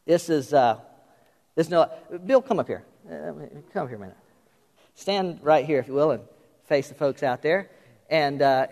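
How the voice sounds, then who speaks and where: Middle-aged male pastor, high voice, chatty sermon delivery, long reverb of a church hall. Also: darkish tone. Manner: conversational, addresses congregation directly.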